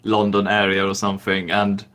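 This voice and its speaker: A man's voice: low-pitched, monotone, moderate pace, fairly bright tone. A man from Sweden chatting casually with fellow players on a call, given to dry, joking asides. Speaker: tabletop game player. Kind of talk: casual chat.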